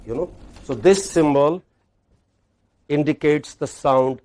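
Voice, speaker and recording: Indian English male pronunciation teacher, slow and mellow, quizzing a class aloud. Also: a little high. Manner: drilling a class with repeated questions. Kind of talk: classroom lecture.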